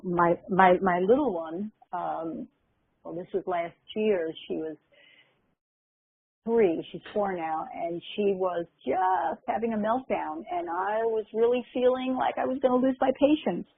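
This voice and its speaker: An older woman, a guest minister and spiritual teacher, telling a story in a gentle, reflective way with frequent pauses. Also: mid-range voice, lively intonation, creaky, husky, no echo. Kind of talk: conversational storytelling. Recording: phone-line audio.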